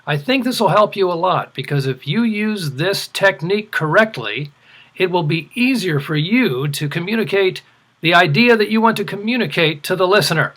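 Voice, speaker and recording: A man teaching English as a second language, speaking deliberately and stressing words clearly. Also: sits high, animated, a bit bright. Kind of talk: slow, deliberate ESL lesson.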